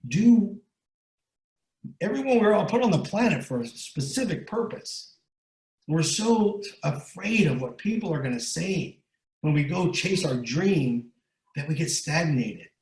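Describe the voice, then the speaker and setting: In a rough, reverberant recording, a middle-aged man with a slightly high, darkish voice speaks a little slowly but with lively intonation. He is an interview guest, a guest speaker and recovery coach, giving a motivational talk where he presses his points hard, repeats words, and keeps asking "right?"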